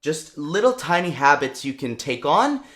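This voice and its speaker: A young man teaching singing to camera as a vocal coach, talking in a lively way and breaking off to demonstrate voice sounds. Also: a little high, normal speed.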